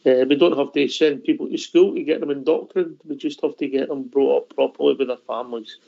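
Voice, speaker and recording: A man's voice: mid-range voice, steady tone, quick pace, creaky. A man hosting a radio phone-in show, bantering casually with callers over dull lo-fi audio. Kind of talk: casual chat.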